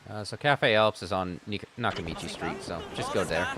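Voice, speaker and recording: A man's voice: low voice, normal speed, noisy background. A man giving offhand gameplay commentary, thinking aloud as he plays. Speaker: gaming video creator.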